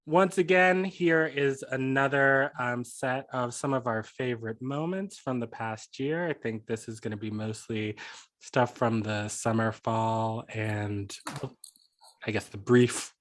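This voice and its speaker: Slow-talking playful male podcast host. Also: medium pitch, a bit bright. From United States. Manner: playful, laughs often. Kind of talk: casual chat.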